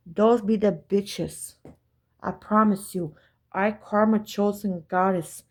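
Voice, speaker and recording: A woman's voice: mid-range voice, fairly even intonation, takes it slowly, a little mellow. A woman telling a story in a casual vlog, profane, emphatic and repetitive.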